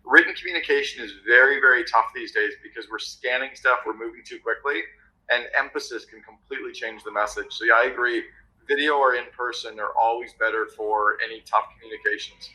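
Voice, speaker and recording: Man, podcast guest, very bright voice, confident, tells anecdotes. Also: medium pitch, fairly quick, low-quality recording. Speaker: guest author on meetings. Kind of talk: podcast conversation.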